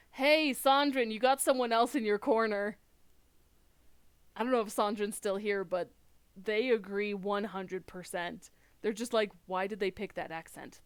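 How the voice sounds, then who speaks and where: A woman's voice: medium pitch, clear, resonant tone, no room sound. A young woman streamer giving casual, chatty and self-deprecating commentary while playing a game.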